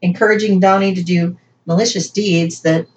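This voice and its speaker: A woman's voice: lowish voice, fairly even intonation, moderate pace. Chatty woman podcaster, dull lo-fi sound. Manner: chatty, riffs and asides, plays with emphasis. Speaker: podcast co-host. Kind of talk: casual chat reading folklore notes.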